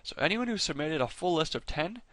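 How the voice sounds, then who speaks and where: A man's voice: a little high, expressive, brisk, fairly bright tone, dry recording. A man hosting a fan video, chatting casually over clips with enthusiasm, rambling and often stopping to correct himself. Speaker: fan video host ranking characters.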